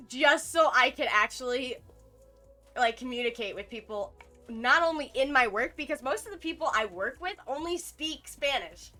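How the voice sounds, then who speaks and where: A woman's voice: sits high, pushed and bright. A young adult woman streamer chatting casually, rambling with lots of fillers and laughs. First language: English. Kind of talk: casual chat while drawing. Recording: light music playing behind.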